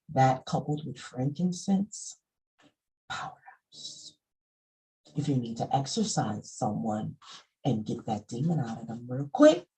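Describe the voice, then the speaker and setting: A middle-aged woman shares spiritual lore about essential oils in a casual monologue. Her voice is warm and mellow, and she takes her time. Her folksy chat breaks now and then into emphatic bursts. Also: very deep voice, low-quality recording. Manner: folksy and conversational, with sudden emphatic outbursts.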